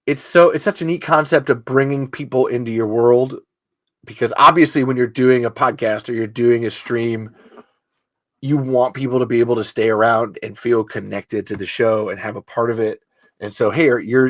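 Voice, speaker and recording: A man's voice: medium pitch, moderate pace, a bit bright, dry recording. A man hosting a podcast solo in loose, rambling casual chat, swearing freely. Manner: rambling, swearing, self-interrupting. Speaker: podcast host.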